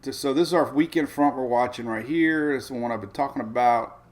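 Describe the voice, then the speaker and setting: A man's voice: mid-range voice, quick pace. A middle-aged man hosting a casual weather livestream, thinking aloud with lots of fillers. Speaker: weather show host.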